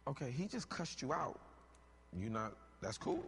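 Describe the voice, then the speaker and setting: A man preaching a sermon, animated and joking, rising to shouts at times. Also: medium pitch, moderate pace, gravelly, big-room sound, slight background noise.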